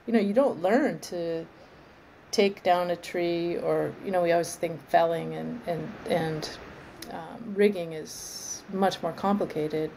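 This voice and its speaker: A woman arborist trainer as an interview guest, explaining in a thoughtful, measured way and often restarting her phrases. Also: lowish voice, gravelly, mellow, slight background noise, low-quality recording. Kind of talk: conversational interview.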